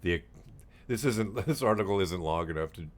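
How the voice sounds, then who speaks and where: A man's voice: low voice, expressive, moderate pace. A man co-hosting a podcast, chatting casually about odd news and laughing often. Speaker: podcast co-host.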